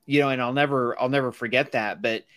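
A man's voice: mid-range voice, steady tone, quick pace, fairly bright tone. A man on a podcast casually recounting a story, retelling what others said with many fillers. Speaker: church safety podcast co-host.

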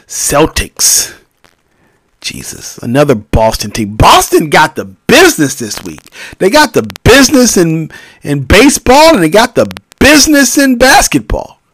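Man, podcast host, rambling monologue, swings his pitch a lot, crude jokes, dry close sound. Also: no room sound. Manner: rambling, profane, animated with sudden loud outbursts. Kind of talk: casual solo podcast monologue.

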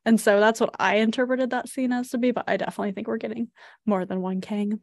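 A woman with a fairly high voice co-hosts a casual movie podcast. She retells scenes in an animated way and laughs easily. Her voice sounds close and dry. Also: fast talker, no room sound. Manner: animated storytelling, laughs often. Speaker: podcast co-host.

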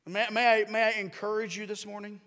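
A pastor preaching a sermon in a chatty, conversational way, asking the congregation questions and repeating key phrases. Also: male voice, high voice, flat delivery, a little fast, fairly bright tone. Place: church sanctuary. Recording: long reverb of a large hall.

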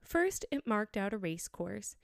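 A woman narrating a storybook aloud in a measured, expressive reading. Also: mid-range voice, vocal fry, no echo, studio quality.

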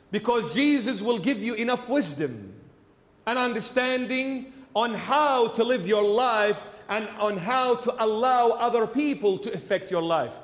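A man, a bishop, preaching a sermon with emphatic repetition that swings between loud and soft. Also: high-pitched, reverberant, in a large hall. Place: church.

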